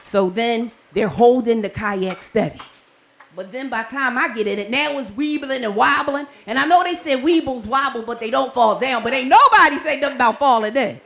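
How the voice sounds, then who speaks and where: Animated woman telling a comic story. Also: on the high side, fairly quick. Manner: animated and comic, acts out her own panicked voice. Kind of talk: live storytelling performance. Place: stage before a live audience.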